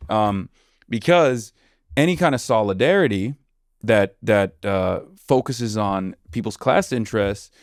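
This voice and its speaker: A man as a podcast guest, talking politics in long, argumentative, winding sentences that slow down on key points. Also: lowish voice, no room sound, clean studio sound. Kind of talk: political commentary in conversation.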